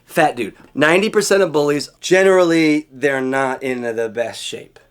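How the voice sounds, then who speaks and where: A man telling a childhood story in a casual, profane way, acting out scenes with sudden shouts and hushed asides. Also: on the high side, moderate pace, clear, resonant tone.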